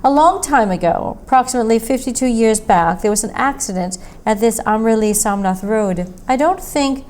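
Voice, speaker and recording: A woman's voice: a little high, animated, normal speed, a little mellow, natural voice. A woman voicing a thin, talkative male roadside traveler with a thick accent. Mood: wistful. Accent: thick put-on accent. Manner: chatty, folksy storyteller.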